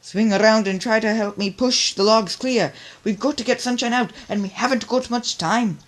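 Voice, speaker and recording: A gruff, bossy tugboat who snaps out his orders, as a storybook reader puts him on with a voice pushed well up and loud. He stays blunt and short with everyone. The story is told like a picture book read aloud. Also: medium pitch, normal speed, voice pushed up, close to an everyday voice. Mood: urgent. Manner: snappish and blunt. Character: tough, bossy male tugboat. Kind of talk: storybook reading.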